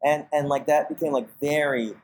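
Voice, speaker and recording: A man's voice: on the high side, moderate pace, a little hiss or hum, poor audio. Man rambling with lots of fillers. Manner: rambling, heavy on fillers and restarts; animated, acts out his own reactions. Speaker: podcast guest, casting director and manager. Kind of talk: casual conversational interview.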